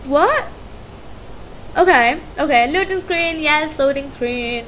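A young woman narrating her gameplay in a high, bubbly voice, gushing about how excited she is and tripping over her words. She talks in an unhurried way, with a faint hum behind her. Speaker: let's play gamer. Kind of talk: casual gameplay commentary.

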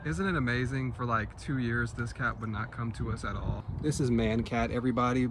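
A man's voice: mid-range voice, fairly even intonation, brisk, background noise. A man hosting a casual walking vlog outdoors in a neighborhood, talking affectionately to cats. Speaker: vlog host.

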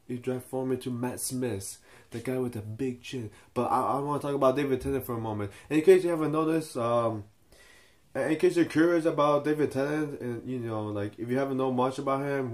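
A man's voice: mid-range voice, darkish tone. A young man giving a casual, unscripted review and stumbling over his words with many fillers and restarts. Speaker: video reviewer.

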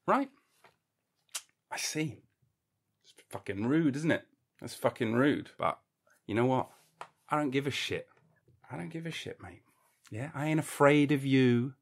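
A male podcast host rambles through a casual comic monologue, swearing freely and playing up his outrage. His voice sits at an ordinary middle pitch. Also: big pitch swings, measured pace, vocal fry, long pauses. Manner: rambling and jokey, swears freely, mock-indignant.

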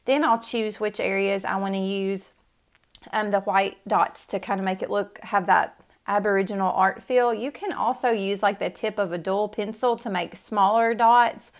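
A woman's voice: medium pitch, steady tone, normal speed. A woman art teacher giving a casual step-by-step tutorial in her studio, talking loosely with lots of "um" and "like". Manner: casual, friendly, many fillers like "um" and "like".

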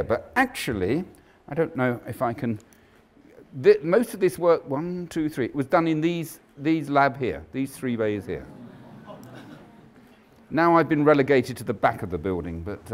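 A man giving a scientific lecture, emphatic and animated, with frequent ums and restarts. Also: fairly high pitch. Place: lecture hall.

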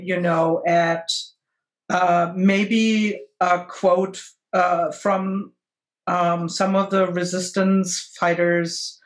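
Slow, hesitant woman with an accent. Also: lowish voice. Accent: non-native English accent. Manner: hesitant, with many fillers and pauses. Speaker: artist and co-host. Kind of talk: casual video-call chat. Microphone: video call.

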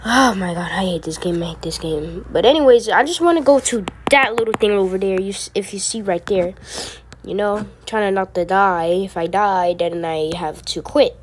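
A woman's voice: mid-range voice, normal speed, a little hiss or hum. Chatty, easily frustrated female gamer. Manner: chatty, easily frustrated, rambling asides to viewers. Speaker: gaming video creator. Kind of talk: casual gameplay commentary.

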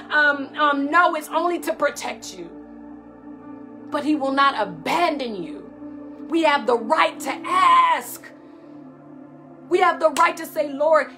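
A woman minister delivering a fervent prophetic sermon, moving between loud declarations and hushed prayer. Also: high voice.

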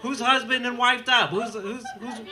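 A man's voice: extremely high pitch, steady tone, normal speed. A man doing profane, brash stand-up crowd work at a live bar comedy show. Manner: brash, profane teasing of the audience. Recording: live bar set with loud crowd and noise.

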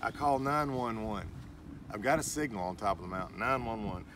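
A man's voice: on the low side, animated, a little fast. A middle-aged man telling a hiking story casually, acting out the dialogue with animation. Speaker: vlogger's father. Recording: distant outdoor mic with clear background noise.

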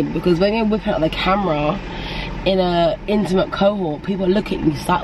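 A young woman talks to her phone in a loose, rambling vlog chat, circling back to her point and checking in with the viewer. Her voice sits at a middle pitch. Clear background noise runs under her throughout. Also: a little fast. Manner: chatty, rambling, keeps asking "do you know what I mean". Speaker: vlogger. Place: out and about, car, gym, home.

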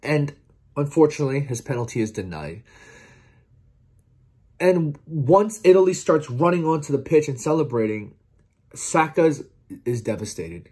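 Earnest husky-voiced man vlogging. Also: medium pitch, big pitch swings, measured pace, pauses often, a little mellow. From outside England, watching from across the Atlantic. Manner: earnest and heartfelt, often stumbles and repeats words. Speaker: football vlogger. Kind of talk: emotional post-match reflection to camera.

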